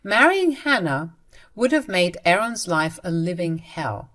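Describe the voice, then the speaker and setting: A woman's voice: lowish voice, very animated, unhurried, a bit bright. A woman narrating a first-person family drama story in a matter-of-fact way, addressing her listeners.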